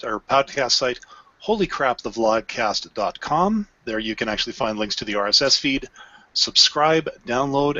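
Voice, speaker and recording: A man's voice: mid-range voice, pushed and bright, no echo, dull audio. A man co-hosting a casual podcast, cheerfully promoting the show's audio version. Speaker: podcast co-host.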